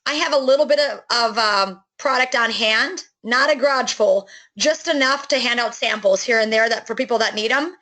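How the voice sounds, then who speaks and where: A middle-aged woman giving an enthusiastic, chatty sales pitch for a network marketing business, with many fillers and restarts. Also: moderate pace, few pauses, pushed and bright, poor audio.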